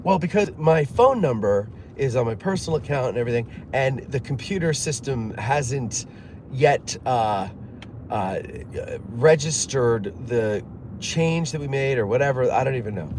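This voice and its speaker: A man's voice: medium pitch, expressive, darkish tone, a little hiss or hum. A man telling a long, exasperated personal story in a casual monologue, rambling and quoting other people as he goes. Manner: rambling, exasperated, acts out others' lines in quick quotes; frequent fillers and restarts, sighs.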